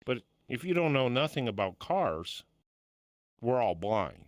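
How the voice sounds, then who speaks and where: A man's voice: mid-range voice, sing-song, unhurried, dry recording, studio quality. An older man co-hosting a podcast, chatting bluntly and telling stories, with casual swearing. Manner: blunt, swears freely, storytelling.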